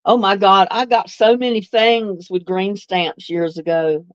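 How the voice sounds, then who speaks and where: In a muffled, dry recording, an older woman with a medium-pitched voice speaks a little slowly. She's a North Carolina livestream host, Southern-accented with some Northern mixed in, who reminisces and reads comments from viewers with easy laughs.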